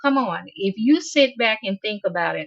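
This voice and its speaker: A woman's voice: medium pitch, lively intonation, normal speed, muffled recording. A woman in her fifties hosting a casual livestream, talking candidly and emphatically, often laughing mid-sentence. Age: 50s. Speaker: livestream host. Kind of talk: casual livestream talk reading chat.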